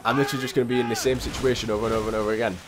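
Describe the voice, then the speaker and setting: A man's voice: medium pitch, level tone, racing, crowd noise. A young man giving gameplay commentary, muttering to himself and repeating his frustrations as he plays. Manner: exasperated, talking to himself, repetitive. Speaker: gamer. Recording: voice over game audio with loud music. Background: loud game music and cannon fire.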